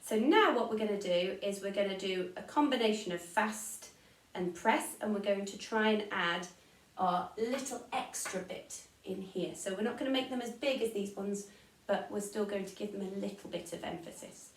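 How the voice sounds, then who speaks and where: A woman's voice: medium pitch, moderate pace, recorded from a distance. A woman with an English accent teaching a string class, explaining beats and counting the rhythm aloud. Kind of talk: online music lesson. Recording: echoey room, voice from off-mic. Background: violin playing.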